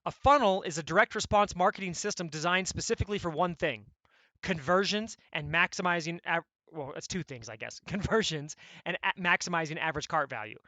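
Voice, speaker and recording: A man coaching members on online sales funnels, talking in an energetic, blunt, conversational way and often checking in with "right?". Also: on the high side, a little fast, no echo. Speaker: e-commerce coach.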